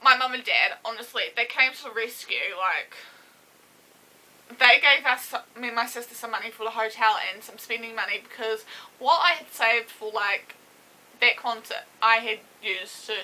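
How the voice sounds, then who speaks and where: Bright, emotional young woman vlogger. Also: a little high, low-quality recording. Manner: emotional, halting, fighting back tears. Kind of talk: casual story-time vlog. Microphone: camera mic, seated.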